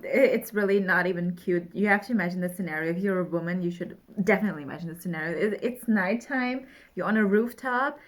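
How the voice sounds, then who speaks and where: A woman's voice: lowish voice, fast. A young woman in casual chat, bluntly mocking a book she read. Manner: blunt, mocking, laughs often. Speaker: book reviewer.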